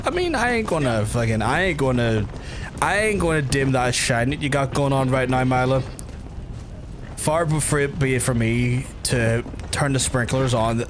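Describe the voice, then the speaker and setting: A man's voice: medium pitch, lively intonation, normal speed, noisy background. A man with a Belfast accent streaming a game, chatting to his viewers in a joking, rambling, foul-mouthed way. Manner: joking, profane, rambling asides to chat. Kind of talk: casual gameplay commentary. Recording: game sounds under the voice.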